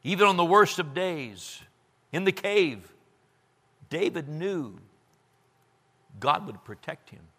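A man preaching a sermon as a pastor, moving from loud cries to hushed whispers. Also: on the high side, expressive, takes it slowly, long pauses. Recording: long hall reverb.

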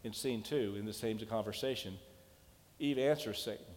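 A man's voice: fairly low pitch, normal speed, a little mellow. Emphatic male preacher in a reverberant hall. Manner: emphatic, questioning, storytelling. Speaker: pastor. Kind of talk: sermon.

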